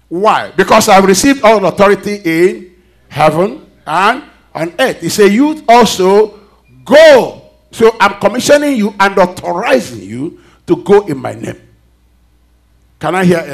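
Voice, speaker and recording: Preacher, male, high-pitched, call-and-response delivery with sharp swings in volume. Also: vocal fry. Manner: call-and-response preaching, reads scripture aloud, swings loud and soft. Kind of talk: sermon.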